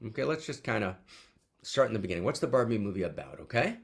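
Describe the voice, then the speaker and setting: A man giving an animated spiritual teaching talk over a video call, exuberant and repetitive, often asking "right?". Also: fairly low pitch, fast, gravelly. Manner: exuberant, repeats questions, peppers talk with "right?". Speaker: teacher leading an online gathering.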